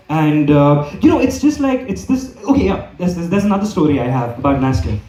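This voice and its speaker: A young man doing stand-up in a comedy club hall, his voice high for a man and swinging up and down with lively energy. He rambles through his set and keeps checking in with the crowd. The mic picks him up from a distance, so he sounds roomy. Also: fairly quick, few pauses. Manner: rambling, repeats "okay?" often. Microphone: handheld microphone.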